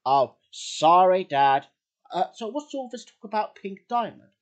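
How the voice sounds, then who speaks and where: A man voicing a cheeky young bear son who talks in an excitable, whiny way. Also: high voice, measured pace, muffled recording.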